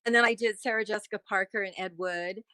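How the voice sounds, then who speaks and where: A woman's voice: medium pitch, fairly even intonation, fast, sharp tone, clean tone, no room sound. A middle-aged woman, an actress being interviewed, chatting casually and laughing often. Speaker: actress and guest.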